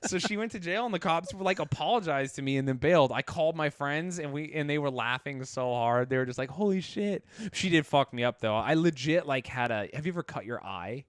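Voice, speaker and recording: A man's voice: on the high side, fairly quick, hardly any pauses, clear, resonant tone, no echo, studio quality. A young man co-hosting a podcast, telling a story in casual chat. He swears a lot and acts out the people he quotes in raised voices. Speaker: podcast co-host.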